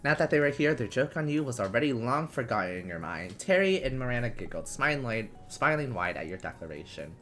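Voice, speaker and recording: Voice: mid-range voice, sing-song, a little fast, few pauses, a bit bright. A host narrating an interactive story in second person, laughing now and then while reading.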